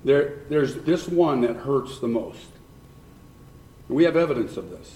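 Animated male preacher in echoey room. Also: medium pitch, unhurried. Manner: questions the congregation, repeats for emphasis. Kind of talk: sermon.

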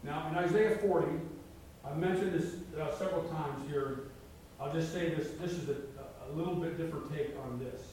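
High-voiced preacher in an echoing hall. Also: male voice, normal speed, darkish tone, a little hiss or hum. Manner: reads scripture aloud with emphatic rises. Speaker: pastor. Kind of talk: sermon. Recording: very echoey hall, mic far off.

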